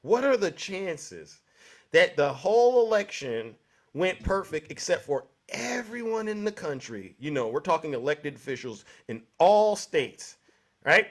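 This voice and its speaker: A man's voice: a little high, big pitch swings, unhurried. A man hosting a live call-in show who debates a caller in a pressing, rhetorical way, keeps asking "right?" and cuts in to steer the talk.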